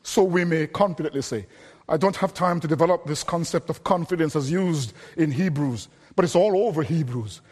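A man preaching a sermon, deliberate and repetitive, dropping low and quiet to stress key phrases. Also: slightly rough. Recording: reverberant hall recording.

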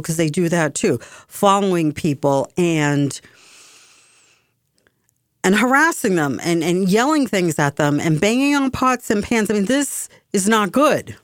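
A woman's voice: on the low side, dry recording, studio quality. A woman giving an emphatic, exasperated political commentary monologue, often restarting her sentences.

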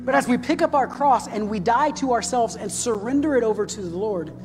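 A man's voice: very high-pitched, a little fast, in a large hall, music in the background. A male pastor telling a story in a sermon, building to fervent emphasis.

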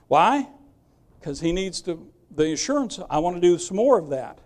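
An older man preaching a sermon, telling stories and swinging between loud exhortation and quiet asides. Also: high-pitched, big pitch swings, moderate pace. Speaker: pastor.

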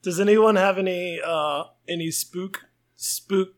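A man joking around on a comedy podcast in a put-on raspy ghoul-like voice. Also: high-pitched, fairly even intonation, slow pace. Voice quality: gravelly put-on ghoul-like rasp. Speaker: podcast co-host. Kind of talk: casual comedy chat.

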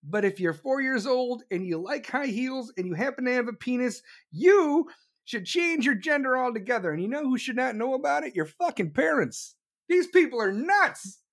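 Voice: high voice, sing-song. Foul-mouthed stream host going off, sarcastic, mock voices, combative bursts. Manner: profane, sarcastic, mocks opponents in put-on voices; combative, talks fast in bursts. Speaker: livestream host taking callers. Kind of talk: ranting political commentary.

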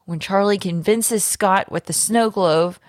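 A woman podcast host reading a fan theory aloud, with lively storytelling emphasis. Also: mid-range voice, measured pace, dry recording, clean studio sound.

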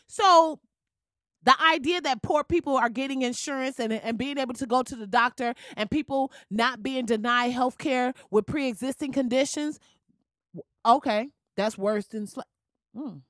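A woman's voice: sits high, a bit bright, no room sound, clean studio sound. Heated profane woman ranting. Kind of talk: profane rant.

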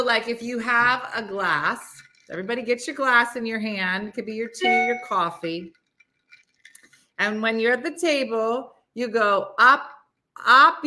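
A woman's voice: fairly high pitch, sharp tone. A woman hosting a casual morning live stream, chatty and rambling, laughing often and reading viewer comments aloud.

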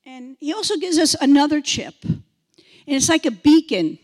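A woman in her sixties preaching a sermon, animated, imitating beeping sounds and repeating phrases for emphasis. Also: sits high, normal speed, long reverb tail. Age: 60s.

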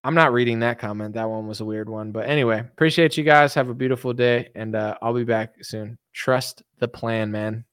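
A man riffing through a sarcastic comedy monologue in a loose, conversational way. His voice sits at an ordinary mid pitch for a man. The recording is dry and close to the mic. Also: fairly even intonation, fairly quick, hardly any pauses, fairly bright tone, clean tone, no echo. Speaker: comedian vlogger.

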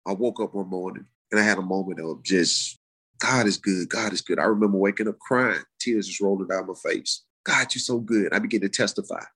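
A middle-aged man, telling his life story in a casual, animated way. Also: brisk, husky. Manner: animated, acts out quoted voices in high pitch. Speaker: guest sharing his testimony. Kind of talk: conversational storytelling.

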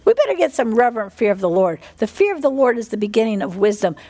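A woman's voice: on the high side, quick pace. A middle-aged woman preaching a fervent sermon, often asking her listeners for an "Amen". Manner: fervent, animated, asks the congregation "Amen?".

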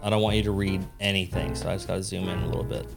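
A man's voice: low voice, level tone, rapid-fire, vocal fry, over loud music. A man hosting a podcast, telling stories in a casual, jokey way with some swearing, close to a studio microphone. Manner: wry, swearing, jokey storyteller. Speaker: podcast host. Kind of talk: casual storytelling chat.

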